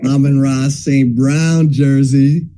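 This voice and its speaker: A man hosting a sports talk show, chatting in a relaxed, laid-back way. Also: mid-range voice, slow, rough recording. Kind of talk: casual sports chat.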